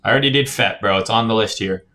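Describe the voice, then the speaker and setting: Yawning and worn out, this man streams loose crypto chart talk full of profanity, reading chat out loud and frequently adding "right?" His fairly low voice moves fast with a bright, forceful edge.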